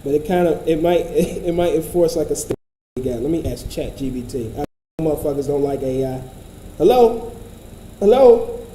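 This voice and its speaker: A man's voice: fairly high pitch, lively intonation, normal speed, dark tone, roomy sound, slight background noise, low-quality recording. A man giving casual commentary, profane, blunt and rambling.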